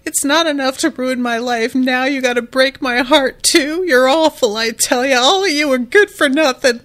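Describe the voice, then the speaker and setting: A woman putting on a tearful, gruff bandit boss. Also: sits high, normal speed, fairly bright tone, voice pushed up. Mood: tearful scolding. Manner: scolding through tears. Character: boisterous middle-aged female bandit boss, gruff.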